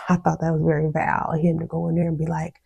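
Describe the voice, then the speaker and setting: Gravelly, chatty woman vlogger. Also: sits low, quick pace. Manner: chatty and animated, quotes others with mimicry; slangy, outspoken, laughs often. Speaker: reality show reviewer. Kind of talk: casual vlog review.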